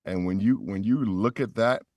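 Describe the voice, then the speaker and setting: A man's voice: lowish voice, moderate pace, a little mellow, no room sound, studio quality. A middle-aged man, a voice actor, telling stories as a podcast guest and acting out quoted voices with animation. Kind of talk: storytelling in a podcast interview.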